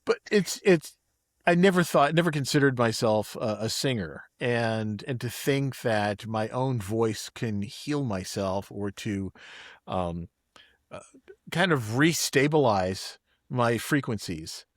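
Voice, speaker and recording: A man's voice: medium pitch, lively intonation, slow pace, no room sound. Laughing male podcast host, dry sound. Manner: warm, laughs often, stumbles and repeats words. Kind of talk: casual interview.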